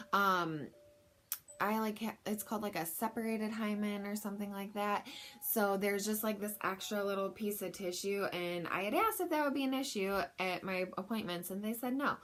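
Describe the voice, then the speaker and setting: A woman's voice: mid-range voice, moderate pace, a bit bright. A young woman telling a personal story in a frank, chatty way, with lots of fillers. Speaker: vlogger.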